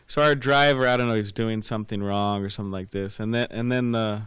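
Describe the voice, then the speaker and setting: Low-voiced man giving a scripture class. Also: steady tone, brisk, a bit bright, clean tone, no room sound. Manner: rambling, repeats words, many fillers. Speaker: class speaker.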